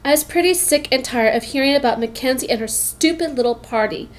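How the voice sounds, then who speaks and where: A woman narrating a children's book in the first person, her voice a touch higher than most. She reads with lively expression and the occasional stumble over a word. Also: fairly quick. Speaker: reader. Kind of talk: reading a children's novel aloud.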